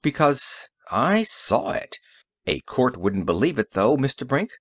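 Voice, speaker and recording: A weary middle-aged police sergeant, read by a man with a gruff, rueful tone and a lively, swinging delivery. The sound is close and dry, as in a home studio audiobook. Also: medium pitch, a little slow, no echo. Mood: dazed. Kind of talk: audiobook character reading.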